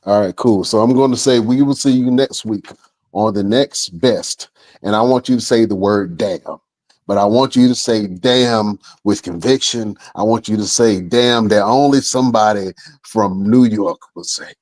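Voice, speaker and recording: A man hosting a wrestling podcast chats casually and enthusiastically in a casual interview, using slangy talk and laughing easily. His voice is lowish and darkish in tone, at normal speed.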